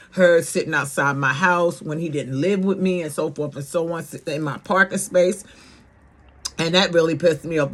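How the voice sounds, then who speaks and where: Blunt, profane New York woman. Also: deep voice. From New York City. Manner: animated, blunt and profane, folksy asides. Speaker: vlogger. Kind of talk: casual storytelling to viewers.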